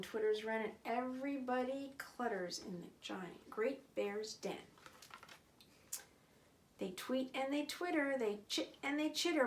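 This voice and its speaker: A woman reading a picture book aloud to children in an expressive, sing-song way. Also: a little high, unhurried. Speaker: storyteller.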